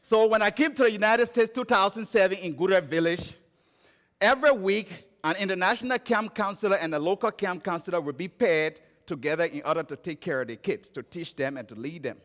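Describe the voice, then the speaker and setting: Liberian guy preaching, fairly high voice, big church echo, swings from loud to hushed. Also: fairly quick. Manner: storytelling, rising and falling between emphatic calls and quiet low phrases. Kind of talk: sermon. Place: church sanctuary. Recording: church sanctuary with long reverb.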